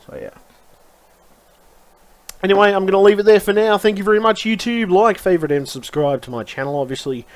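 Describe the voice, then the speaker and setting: A man's voice: high-pitched, brisk, pauses often, no room sound. A man vlogging in a rambling, frustrated way, swearing often and circling back on his words. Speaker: YouTuber. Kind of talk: casual rambling vlog.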